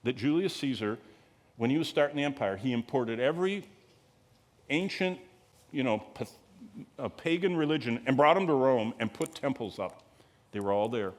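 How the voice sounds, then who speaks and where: A man teaching the Bible to a live group in a conversational lecture, digressing often, asking the audience rhetorical questions and pushing key words higher for emphasis. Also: lively intonation, moderate pace, long pauses.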